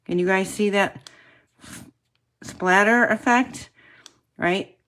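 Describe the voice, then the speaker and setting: Slow-talking woman demonstrating crafts. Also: medium pitch, a bit bright. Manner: chatty, addresses viewers as guys, frequent throat clearing. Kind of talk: casual tutorial demonstration.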